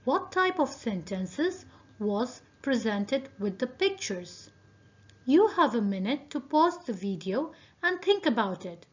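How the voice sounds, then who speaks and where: A woman teacher giving a recorded video lesson, speaking deliberately and addressing her students directly. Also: fairly high pitch. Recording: dull lo-fi video audio.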